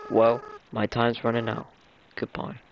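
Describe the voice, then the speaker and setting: A man voicing a gentle, tearful young male goat monster from a video game, in a soft, halting, choked-up voice. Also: mid-range voice, completely flat delivery, creaky, slight background noise, low-quality recording. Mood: tender. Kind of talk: voicing game dialogue aloud. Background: game music.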